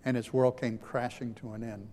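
A man preaching a sermon as a pastor, shifting between loud emphatic lines and hushed, quiet ones. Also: mid-range voice, little pitch movement, normal speed, slight background noise. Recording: long hall reverb.

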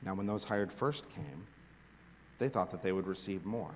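A man preaching a sermon, reading scripture aloud and explaining it, swinging from hushed asides to loud, emphatic points. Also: sits low, normal speed, creaky, slight background noise. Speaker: pastor. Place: large hall with long reverb. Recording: echoey hall recording.

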